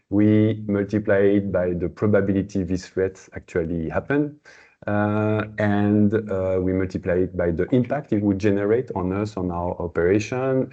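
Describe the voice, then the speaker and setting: A man hosting a webinar presentation, pausing often with fillers and restarting his sentences. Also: sits low, warm tone. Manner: hesitant, many fillers and restarts. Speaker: webinar host. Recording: slightly dull lo-fi webinar audio.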